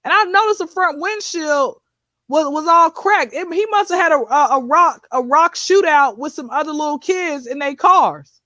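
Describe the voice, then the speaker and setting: A woman comedian in a casual interview, talking in an animated, preachy way with sassy asides. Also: high-pitched, normal speed, no room sound. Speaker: comedian guest.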